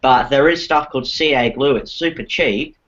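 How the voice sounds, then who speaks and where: A man's voice: medium pitch, moderate pace, a bit bright. A man in a mid-range voice explains things at an easy pace during a casual podcast, filling his sentences with "like". The sound is dull and lo-fi. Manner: explanatory, lots of "like". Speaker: podcast co-host. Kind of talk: casual chat. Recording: dull lo-fi audio.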